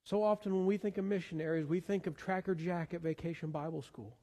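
A man's voice: high-pitched, fast talker, dark tone, big-room sound. A man preaching a sermon as pastor, earnest and given to repeating words as he searches for the next one. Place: church sanctuary.

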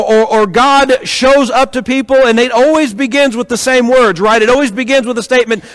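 A man preaching a sermon to a congregation, telling stories with rhetorical questions in an animated way. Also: very high-pitched. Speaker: pastor. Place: church hall with congregation. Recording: echoey hall.

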